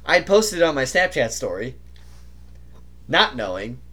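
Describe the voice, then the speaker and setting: A young adult man telling stories in casual podcast chat, animated and imitating other people's voices. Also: medium pitch, measured pace. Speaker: podcast co-host.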